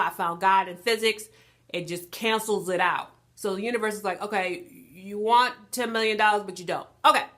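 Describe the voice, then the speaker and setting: A woman vlogger giving an animated spiritual talk, preaching and laughing often. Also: medium pitch.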